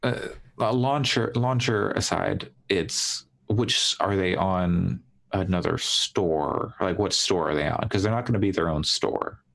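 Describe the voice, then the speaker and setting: Low gravelly man hosting. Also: unhurried, a bit bright. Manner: dry, teasing. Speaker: podcast host. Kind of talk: casual gaming podcast chat.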